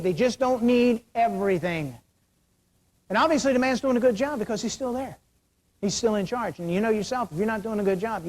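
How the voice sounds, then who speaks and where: This security awareness speaker, a middle-aged man, lectures an auditorium in a voice that sits high and sounds a little mellow, though it's wearing thin as he loses it. He cracks jokes and asks rhetorical questions, captured on poor audio.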